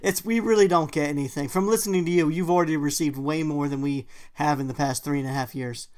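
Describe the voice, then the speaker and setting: A man co-hosting a podcast, trading jokes and light teasing in a relaxed chat. He speaks in an easygoing, conversational way. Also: on the high side, fast talker. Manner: joking, teasing. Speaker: podcast co-host.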